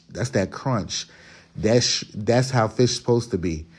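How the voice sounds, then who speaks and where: A man's voice: lowish voice, slow, a little hiss or hum. A man hosting a casual cooking vlog from his home kitchen, talking straight to viewers in a chatty way, recorded on a phone camera while he cooks. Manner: chatty, talks straight to viewers, restarts sentences. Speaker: podcast host cooking for family.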